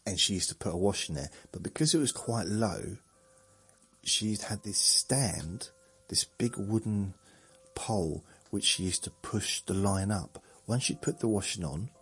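A man's voice: on the low side, expressive, unhurried, a bit bright, husky. A man hosting a sleep podcast, meandering through a rambling monologue and chuckling at himself. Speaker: podcast host.

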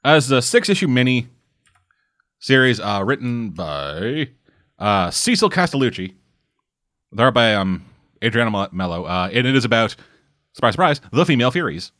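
A man's voice: medium pitch, big pitch swings, normal speed, long pauses, fairly bright tone, no echo, studio quality. A man hosting a casual comic book podcast, rambling and swearing freely as he talks. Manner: profane, rambling, jokey. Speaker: podcast host.

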